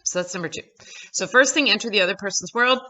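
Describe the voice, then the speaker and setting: A woman's voice: medium pitch, fast talker, sharp tone, dull audio. A woman psychologist in her thirties, chatty and upbeat, explaining ideas step by step to her viewers. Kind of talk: casual educational talk to camera.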